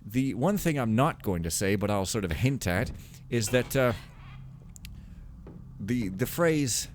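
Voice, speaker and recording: A man's voice: mid-range voice, a little hiss or hum. A man giving casual, rambling commentary over a video game, joking and mocking himself as he plays. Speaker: Let's Play commentator.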